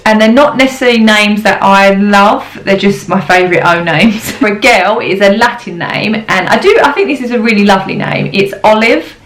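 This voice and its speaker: A woman's voice: mid-range voice, fairly quick, few pauses, a bit bright. A young woman, a mother, chatting casually to camera with frequent ums and little giggles. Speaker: parenting vlogger. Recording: roomy echo.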